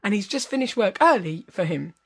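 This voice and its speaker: A woman's voice: mid-range voice, lively intonation, brisk, slightly rough. Woman rambling thru a joke on a podcast, keeps fixing her own words, easy chatty tone. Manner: rambling, playful, self-correcting. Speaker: podcast host telling a joke. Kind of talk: casual storytelling.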